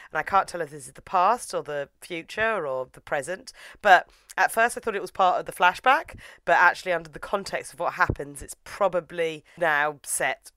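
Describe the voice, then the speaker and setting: A woman's voice: deep voice, sharp tone, no echo. Chatty, sarcastic woman reviewer. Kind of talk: casual recap commentary.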